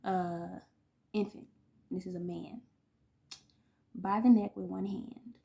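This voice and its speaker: A woman's voice: medium pitch, steady tone, slow pace, creaky, mellow. A woman in her thirties, telling personal stories in a rambling, casual way, laughing often and sometimes dropping almost to a whisper. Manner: rambling, frequent laughs, drops to near-whispers. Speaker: oracle reader and vlogger.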